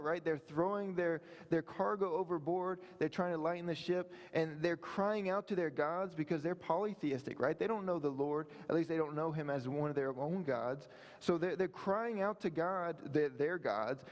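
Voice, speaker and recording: In a church sanctuary with big-room sound, a pastor with a fairly high, darkish voice preaches conversationally. He often checks in with listeners, sprinkling in frequent "right?" asides.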